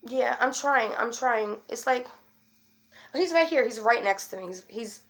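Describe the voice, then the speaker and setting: A woman's voice: fairly high pitch, lively intonation, measured pace. A woman chatting casually to camera as a vlogger, rambling with fillers and restarts, worried and frustrated.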